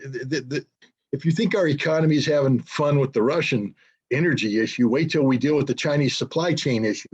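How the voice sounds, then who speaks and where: A man's voice: mid-range voice, fairly quick, slightly rough. An older man giving blunt, sarcastic political commentary as an interview guest over a video call, with many ums and restarts.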